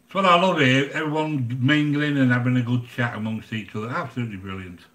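A man's voice: medium pitch, fast, fairly bright tone. Chatty grumbling English man in a roomy space. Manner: chatty, blunt, grumbling and joking. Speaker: livestream cooking channel host. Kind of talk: casual live chat with viewers.

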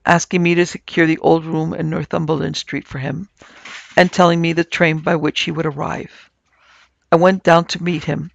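A man narrating a supernatural tale in a measured, scripted storytelling manner. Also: fairly high pitch, vocal fry, fairly bright tone, no room sound, highs cut off. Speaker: narrator and producer.

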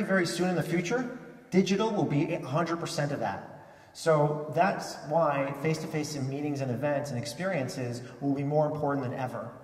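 A man giving an enthusiastic conference keynote, often restarting and repeating words. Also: medium pitch. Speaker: keynote speaker. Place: large conference hall. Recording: echoey hall from far off.

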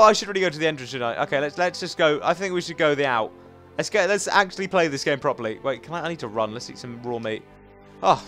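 A young man giving chatty, excitable let's-play commentary as a gaming channel host. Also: on the high side. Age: young adult. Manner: excitable, chatty, sudden loud squeals. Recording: faint game music behind.

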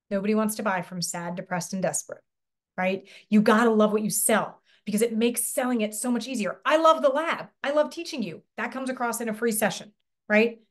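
Chatty woman coach, slightly high voice. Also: lively intonation, brisk. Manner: casual, chatty, swears lightly, asks the audience questions. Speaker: business coach. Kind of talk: live online coaching lesson.

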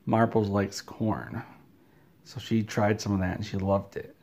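Brief: a deadpan, rambling male storyteller with a lowish voice. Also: unhurried. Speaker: comedy vlogger. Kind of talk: absurd comic storytelling.

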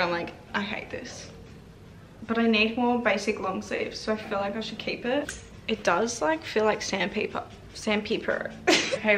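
A woman's voice: medium pitch, a bit bright, roomy sound, a little hiss or hum. A young woman vlogging from her bedroom, rambling candidly with lots of "like", recorded on a tripod camera. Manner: rambling and candid, heavy use of "like". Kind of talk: casual chatty vlog. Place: bedroom at home.

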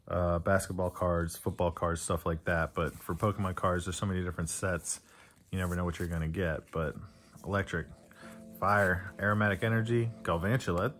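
A man's voice: fairly low pitch, fairly bright tone. A middle-aged man casually chatting as he opens trading card packs and reads out each card name. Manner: chatty, reads card names aloud in lists. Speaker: card unboxing host. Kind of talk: casual unboxing commentary. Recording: music playing behind.

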